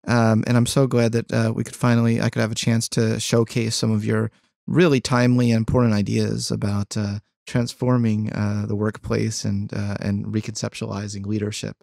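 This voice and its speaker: A man hosting a podcast interview, encouraging his guest with quick affirmations. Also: mid-range voice, creaky, no echo, studio quality. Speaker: podcast host. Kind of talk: conversational interview.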